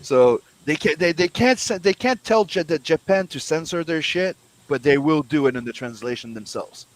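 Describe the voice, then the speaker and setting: A man's voice: a little high, expressive, moderate pace, poor audio. A man chatting casually with friends, rambling and swearing, with lots of fillers and restarts. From Canada. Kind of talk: casual chat among friends.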